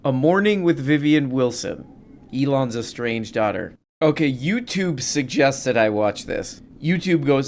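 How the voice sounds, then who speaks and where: Male reaction host, profane sarcastic rant, medium pitch, faint hiss behind. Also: animated, a little slow. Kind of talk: ranting commentary over clips.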